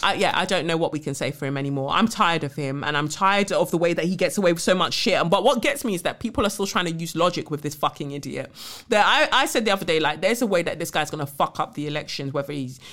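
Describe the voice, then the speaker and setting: A woman's voice: low voice, quick pace, fairly bright tone. A young woman hosting a podcast, talking in an emphatic, outspoken way and swearing freely as she reacts to a listener's letter. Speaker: podcast host. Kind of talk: casual podcast chat and letter reading.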